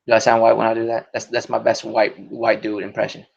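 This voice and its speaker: A man's voice: lowish voice, monotone, fast talker, creaky, hardly any pauses. A man hosting a podcast in casual, profane, rambling chat with many restarts. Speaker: podcast host. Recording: dull lo-fi audio.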